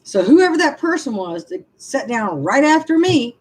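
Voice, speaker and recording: A woman talks frankly to her viewers on a casual livestream. Her voice sits fairly high and swings widely in pitch as she vents. She laughs and makes asides as she answers their comments. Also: very animated, normal speed, low-quality recording. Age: 60s. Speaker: livestream vlogger reading comments.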